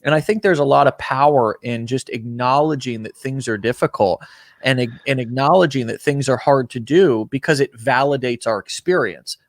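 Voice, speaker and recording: Host, man, earnest and rambling, mid-pitched, dry close mic. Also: moderate pace, no room sound. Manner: rambling, repeats words, earnest. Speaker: podcast host. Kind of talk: casual motivational chat.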